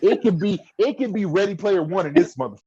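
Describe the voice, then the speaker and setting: A man co-hosting a podcast, telling a story in a lively, profane way and trailing off into fillers. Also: sits high, fast talker, highs cut off, a crowd in the background. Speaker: podcast co-host. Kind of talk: casual chat.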